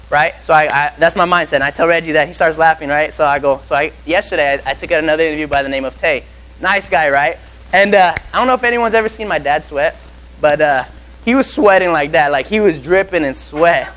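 A young man preaching and telling a lively personal story, acting out the people in it. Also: a little high, quick pace, poor audio.

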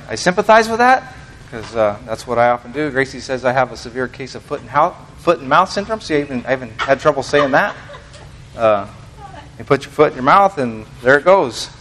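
A man's voice: medium pitch, animated, brisk, fairly bright tone, a little hiss or hum. An American man giving an informal sermon to a small congregation, rambling and self-deprecating, full of fillers and restarts. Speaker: lay preacher.

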